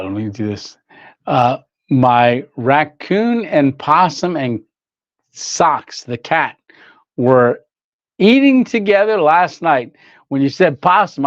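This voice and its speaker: A man's voice: a little high, fairly bright tone, dry recording, lo-fi sound. An older man hosting a casual livestream, rambling through stories, reading chat aloud and laughing often. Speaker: livestream host.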